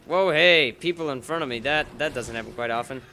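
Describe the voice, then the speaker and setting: A man's voice: mid-range voice, fairly quick, sharp tone, a little hiss or hum. A man giving let's-play commentary over a racing game, rambling and joking at his own expense. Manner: rambling, self-mocking, jokey.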